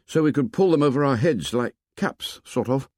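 A man's voice: medium pitch, expressive, moderate pace, a little mellow, dry recording, clean studio sound, voice pushed up, lightly acted. A man voicing a worried young boy who offers suggestions hesitantly.

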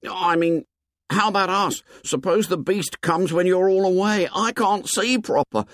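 A man's voice: high voice, measured pace, fairly bright tone, dry recording, clean studio sound, pitched above the performer's own voice. A man voicing a timid, fussy schoolboy who pleads hesitantly in an audiobook. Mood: anxious.

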